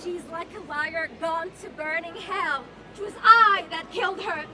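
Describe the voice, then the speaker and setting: A woman's voice: very high voice, steady tone, measured pace. A teenage girl playing Othello, a jealous, vengeful male general, declaiming Shakespeare verse outdoors. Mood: defiant. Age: teens. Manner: declaiming verse, building to rage. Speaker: student actor. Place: outdoor park stage. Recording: noisy outdoor park performance with crowd.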